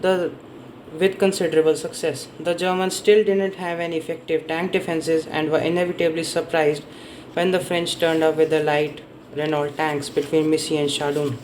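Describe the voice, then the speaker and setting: A man's voice: on the high side, little pitch movement, normal speed, darkish tone, a little hiss or hum, poor audio. A man giving a casual spoken summary of a history book, rambling and often correcting himself as he stumbles over names and dates. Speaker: book reviewer.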